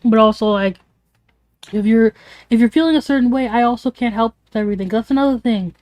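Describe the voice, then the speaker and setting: A woman's voice: fairly high pitch, a little fast, a little mellow, no room sound. A young woman streamer venting in a casual, rambling way, emotional and swearing often.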